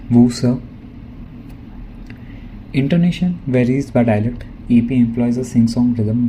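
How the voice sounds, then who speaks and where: A male student reading a prepared academic presentation, careful and measured, now and then correcting himself. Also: medium pitch, dark tone, a little hiss or hum, rough recording.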